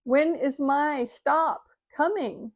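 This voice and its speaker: An older retired woman, gently reflecting to her viewers in a heartfelt video talk. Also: sits high, takes it slowly. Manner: gentle, heartfelt, sometimes choked up. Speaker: vlogger. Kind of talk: reflective talk reading an inspirational piece.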